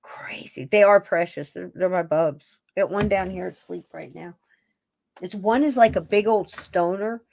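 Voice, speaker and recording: A woman's voice: on the low side, measured pace, creaky, a little mellow. A woman hosting a podcast, chatting casually in a rambling, affectionate way and laughing often. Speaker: podcast host. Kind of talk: casual chat, talking to her pets on camera.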